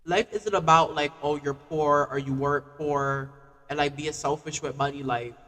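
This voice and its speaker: A man's voice: on the high side, normal speed, big-room sound. A man ranting casually on a live stream, full of "like" fillers. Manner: animated, repetitive "like" fillers.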